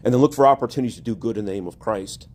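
A man's voice: medium pitch, very fast, darkish tone. A male priest preaching a sermon, earnest and rising to emphatic exhortation.

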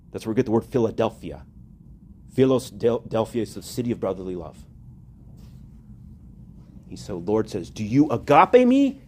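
A man preaching a homily, telling a story with lively acted-out dialogue. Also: fairly low pitch, breathy edge. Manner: animated storytelling, acts out quoted dialogue.

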